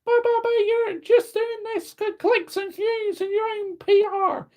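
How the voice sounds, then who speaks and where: A squeaky whining critic. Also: male voice, little pitch movement, unhurried, a little mellow. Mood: mocking whine. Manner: stuttering "but, but, but" taunts. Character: whiny nagging critic, squeaky and mocking.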